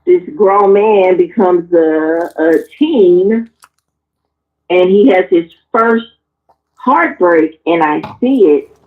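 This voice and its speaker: A woman's voice: lowish voice, slow pace. Blunt woman telling stories over a tinny line. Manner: blunt, animated, swears freely, acts out the people in her stories. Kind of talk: candid personal storytelling. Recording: tinny phone-like sound.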